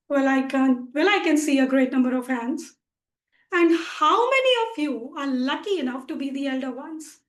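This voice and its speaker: A woman's voice: high-pitched, animated, normal speed. A woman in her twenties with an Indian accent giving a humorous contest speech over a video call, playful and dramatic in her storytelling. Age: 20s. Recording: roomy echo on a video call.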